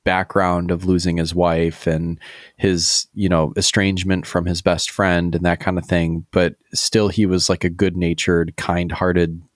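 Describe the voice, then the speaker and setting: Deep and unhurried, his voice barely moves in pitch, and the studio-quality recording has no room sound. He co-hosts a podcast in loose, casual chat, rambling along with many fillers and restarts.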